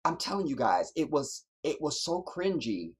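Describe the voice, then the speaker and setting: A man's voice: fairly high pitch, sing-song, moderate pace, breathy edge. A man hosting a livestream, giving emphatic, preachy commentary and repeating his points for effect. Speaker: livestream host.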